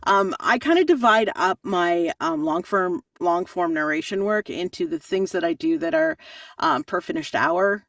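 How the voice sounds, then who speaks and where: A woman audiobook narrator answering interview questions in a chatty, animated way, often laughing. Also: on the low side, normal speed, gravelly, dry recording, studio quality, recorded from a distance.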